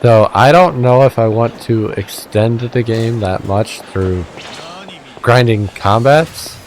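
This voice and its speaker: A man's voice: medium pitch, slow pace, slight background noise. A man casually commenting on his own gameplay, talking frankly with plenty of "uh"s and the odd swear word. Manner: relaxed, frank, swears, many filler "uh"s. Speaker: let's play host.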